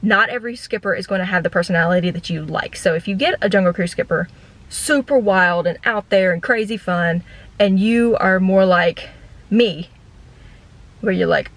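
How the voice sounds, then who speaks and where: A woman's voice: medium pitch, poor audio. Chatty woman rambling from her car. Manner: rambling, deadpan, many "like" fillers. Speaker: vlogger and former theme park ride guide. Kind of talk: casual storytime chat.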